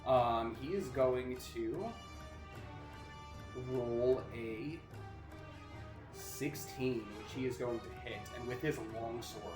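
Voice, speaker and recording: A man's voice: mid-range voice, slow pace, pauses often. A man narrating as game master of a tabletop game, talking casually with fillers and restarts. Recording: roomy sound with music behind.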